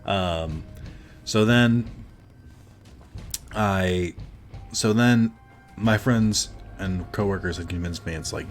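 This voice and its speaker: A man's voice: deep voice, takes it slowly, pauses often, soft background music. A male streamer casually telling a story while gaming, rambling and correcting himself, with lots of fillers.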